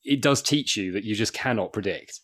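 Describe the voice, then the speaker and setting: A man, a stand-up comedian, chatting as a guest and telling lively anecdotes with frequent laughs. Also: on the low side, brisk. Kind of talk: casual chat.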